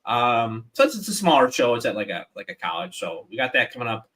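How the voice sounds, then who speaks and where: Animated man chatting on a livestream. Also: medium pitch, a little fast. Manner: animated, stumbling restarts. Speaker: guest artist. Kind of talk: casual livestream chat.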